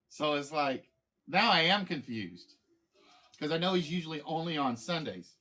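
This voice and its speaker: Rambling, fairly high-voiced streamer man. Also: normal speed, bright, forceful tone. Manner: rambling, many fillers and restarts. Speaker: game show streamer host. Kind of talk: casual chat with stream viewers.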